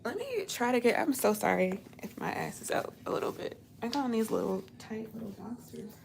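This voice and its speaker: A woman's voice: a little high, big pitch swings, fairly quick, creaky, noisy background. A young woman chatting on a casual livestream from her apartment, rambling and laid-back, sounding tired. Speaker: livestream host.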